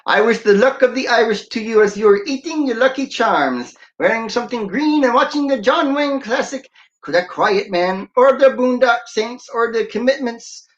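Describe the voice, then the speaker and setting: A man's voice: very high voice, lively intonation, normal speed, highs cut off. A man, a radio DJ, hosting a casual livestream, talking in a jokey, playful way. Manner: jokey, playful, breaks into sung snippets and laughs.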